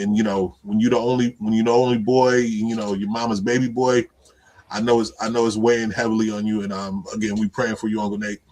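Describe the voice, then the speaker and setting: A man's voice: on the low side, rough recording. Earnest male podcast host. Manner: earnest, frequent "you know what I mean". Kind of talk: casual podcast talk.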